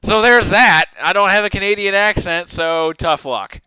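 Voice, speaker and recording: A man's voice: high-pitched, moderate pace, few pauses, bright, forceful tone, clean tone, dry recording. A young man casually joking his way through gameplay commentary as a let's play host. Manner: joking, irreverent.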